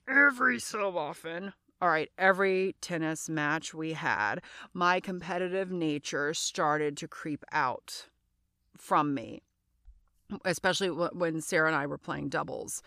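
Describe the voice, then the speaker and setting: A woman's voice: low voice, a bit bright, no echo, studio quality. A woman in her forties hosting a solo podcast, telling stories in a chatty, rambling way with self-deprecating asides. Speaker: podcast host. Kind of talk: casual solo storytelling.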